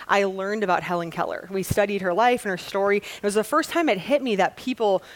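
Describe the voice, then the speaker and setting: A young woman from Wisconsin reading scripture and preaching a sermon, earnest and storytelling, slowing down to stress key lines. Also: mid-range voice. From Wisconsin, USA. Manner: earnest, storytelling, slows for emphasis.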